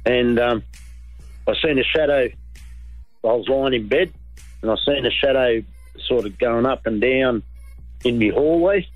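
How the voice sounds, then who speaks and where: A man's voice: medium pitch, a little slow, long pauses, dry recording, narrow, tinny audio, soft background music. Rambling male caller. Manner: casual, rambling storyteller. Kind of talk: phone-in storytelling.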